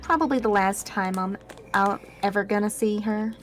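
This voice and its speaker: A woman's voice: mid-range voice, moderate pace, soft background music. A woman reading a first-person audio drama script aloud, stumbling and correcting herself with laughing asides.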